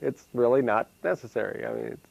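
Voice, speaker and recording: A man, a solo performer, answering interview questions in a casual, halting way, full of fillers and restarts. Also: medium pitch, creaky, lo-fi sound, very noisy. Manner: hesitant, many fillers and restarts.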